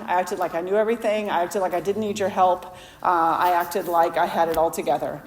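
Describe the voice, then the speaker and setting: A woman shares her story at a recovery meeting, candid and self-deprecating, with a slightly low voice. Her voice rings in a reverberant hall, picked up through a podium mic with faint room noise behind her. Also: a little mellow. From Florida. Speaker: AA speaker. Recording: echoey hall recording.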